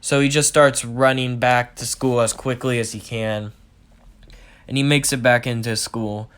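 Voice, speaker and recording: A man's voice: mid-range voice, steady tone, unhurried, a bit bright, clear, resonant tone. A young man casually retelling a fan story, rambling with lots of "like" and "basically". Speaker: channel storyteller.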